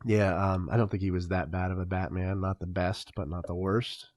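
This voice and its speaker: Low-voiced laid-back man, dry sound. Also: a little fast, no room sound. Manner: relaxed, agreeable, hesitant with fillers. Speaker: podcast co-host. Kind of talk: casual movie chat.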